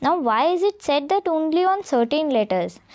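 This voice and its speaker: High-voiced Indian woman teaching French. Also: very animated, a little mellow. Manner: slow, clear explaining, spelling letters out one by one. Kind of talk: beginner language lesson.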